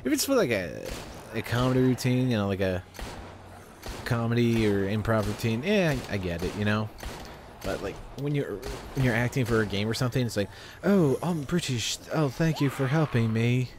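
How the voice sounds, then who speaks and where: A man with a fairly low voice talks through a video game as he plays. He rambles from one thought to the next and often talks to himself. A faint hiss sits under his voice. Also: sing-song, fairly quick. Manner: rambling, chatty, talks to himself while playing. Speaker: gamer. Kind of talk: let's play commentary.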